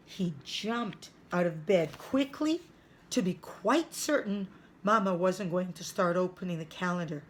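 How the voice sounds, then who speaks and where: A woman teacher reading a chapter book aloud to children, careful and clear. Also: fairly low pitch. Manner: slow, careful read-aloud.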